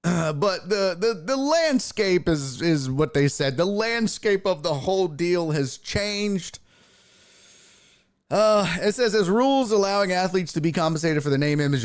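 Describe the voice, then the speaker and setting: A man hosts a casual sports talk stream in a slightly high voice. He chats loosely with his viewers as folks, blunt and slangy, with mild swearing mixed in. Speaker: sports talk show host.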